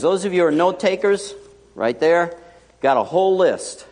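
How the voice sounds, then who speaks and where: A male pastor preaches with a higher-than-usual voice that swings widely up and down. He talks to the congregation in a chatty, animated way, and his words ring out with a long hall reverb. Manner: lively, conversational preaching with quick asides to the room. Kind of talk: sermon. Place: church sanctuary.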